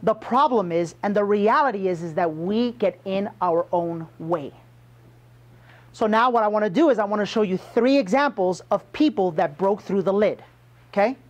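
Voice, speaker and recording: A man coaching a room of salespeople, emphatic and punchy, firing questions at his audience. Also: high-pitched. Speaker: sales trainer. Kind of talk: motivational sales training talk.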